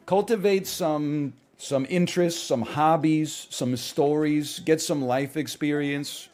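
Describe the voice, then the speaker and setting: A man's voice: a little high, slow, a little mellow, faint music behind. A young man streaming games, chatting casually in a sarcastic, profane, ranting way. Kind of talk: casual gaming stream chat.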